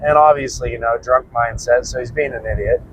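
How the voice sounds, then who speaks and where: A man's voice: medium pitch, steady tone, fairly quick, noisy background. A young man casually telling a personal story, rambling and swearing freely as he goes. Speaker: prepping channel host.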